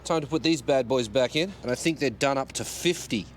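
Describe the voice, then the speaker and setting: Faint music sits behind a man whose medium-pitched voice moves a little fast. He records a casual garage vlog under a car using an external mic on an action camera, grumbling, swearing at the job, and joking at his own expense.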